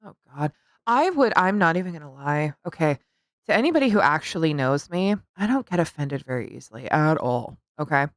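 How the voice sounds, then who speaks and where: Blunt woman, lowish voice. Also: very animated, a little fast, no echo, clean studio sound. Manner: blunt, profane, laughs often. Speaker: podcast co-host. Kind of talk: casual chat.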